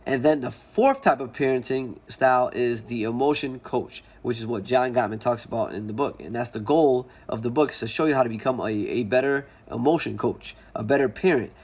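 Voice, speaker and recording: A man's voice: mid-range voice, brisk, few pauses, a little mellow. A man casually explaining a parenting book in a conversational way, often restarting and acting out example quotes. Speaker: educational channel host.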